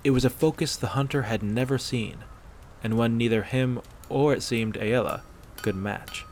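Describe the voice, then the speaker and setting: A man narrating a fan-fiction story aloud in a steady, measured way. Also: medium pitch, a little hiss or hum.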